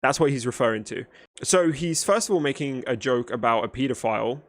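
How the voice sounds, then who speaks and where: A man's voice: mid-range voice, a little fast. A man, a streamer, commenting dryly and sarcastically on clips in a response video. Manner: dry, sarcastic, mocking.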